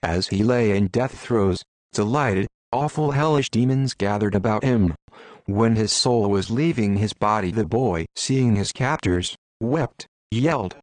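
A man with a fairly low voice narrates an audiobook in a measured, solemn way. The sound is dry and close. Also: darkish tone, dry recording. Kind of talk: scripted narration.

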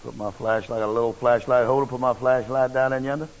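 A man's voice: mid-range voice, fairly even intonation, quick pace. A man preaching a sermon, telling a personal story in a folksy, blunt and emphatic way. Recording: dull lo-fi recording.

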